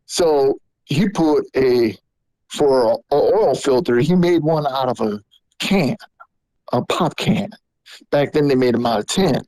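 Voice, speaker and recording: A man hosting a podcast, telling a story in a loose, rambling, animated way. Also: medium pitch, a little slow, dry recording, low-quality recording. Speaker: podcast host. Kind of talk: casual storytelling.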